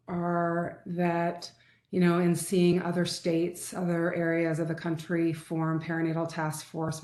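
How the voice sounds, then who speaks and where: A woman clinician giving an earnest, halting introduction at a task force meeting. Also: on the low side, a little mellow. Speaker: perinatal mental health clinician. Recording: echoey meeting room.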